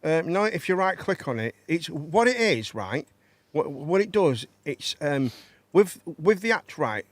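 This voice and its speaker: A man's voice: fairly high pitch, very animated, measured pace, no room sound. A man hosting a casual live-stream chat show. He rambles, repeats his words and banters with his guests.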